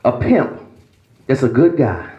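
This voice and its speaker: In a church, a male pastor preaches with emphatic, dramatic delivery, swinging between low and raised tones. His voice is sing-song and slow, in an echoey room with phone-quality sound.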